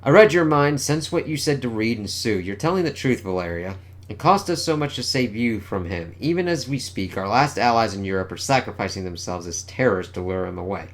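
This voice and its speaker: A man's voice: lowish voice, lively intonation, brisk, close to an everyday voice. A man reading the lines of a stern telepathic woman who leads a resistance, in a firm, commanding tone. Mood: urgent.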